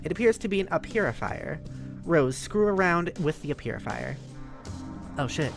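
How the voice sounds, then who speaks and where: A woman's voice: low-pitched, lively intonation, normal speed, faint music behind. Giggly woman playing a game. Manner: giggly, playful, lots of sound effects. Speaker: let's play streamer. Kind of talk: casual gameplay commentary.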